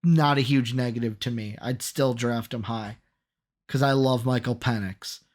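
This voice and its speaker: Male podcast co-host, mid-pitch, energetic and chatty, quizzes his partner. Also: normal speed. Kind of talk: casual sports chat.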